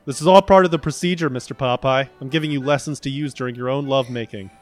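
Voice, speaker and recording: A man voicing a smug, burly cartoon doctor in a comedic reading, talking fast. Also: mid-range voice, faint music behind, natural voice.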